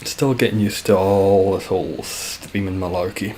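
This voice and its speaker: A man chatting casually and dryly while live-streaming a game, describing his own voice as monotone. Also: deep voice, moderate pace, slight background noise. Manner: dry, self-deprecating, calls his voice monotone.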